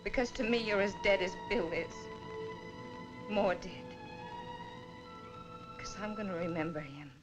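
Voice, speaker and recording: An actress in a 1950s film playing a bitter young woman who coldly accuses a man and rises to shouting. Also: medium pitch, a little slow, long pauses, muffled recording, lightly acted. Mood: furious. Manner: cold, accusing, rising to shouting. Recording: old film soundtrack with music.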